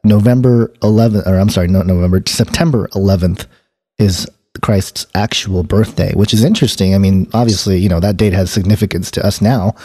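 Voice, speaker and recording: A man's voice: low-pitched, fairly even intonation, fairly quick, dark tone. A man co-hosting a casual faith discussion podcast, talking in a rambling way with many asides. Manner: rambling, many fillers and restarts, chuckles. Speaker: podcast co-host.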